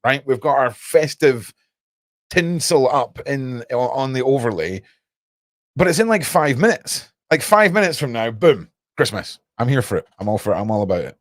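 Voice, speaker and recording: A man's voice: medium pitch, lively intonation, normal speed, no room sound. A young man hosting a livestream, rambling casually and talking straight to his chat viewers. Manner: rambling, cryptic, chats to viewers. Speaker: livestream host.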